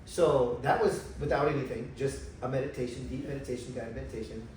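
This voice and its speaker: A man telling a personal story in a casual conversation, animated and emotional, acting out the voices of others. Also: medium pitch, a little fast. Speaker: guest telling his spiritual experiences. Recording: echoey room, far from mic, faint noise.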